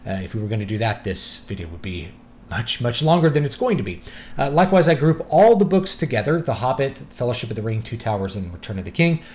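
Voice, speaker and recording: Male vlogger, mid-pitched everyday voice, relaxed chatty delivery, faint hum behind. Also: quick pace. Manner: relaxed and conversational, thinking aloud. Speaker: book reviewer. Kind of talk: casual spoken review.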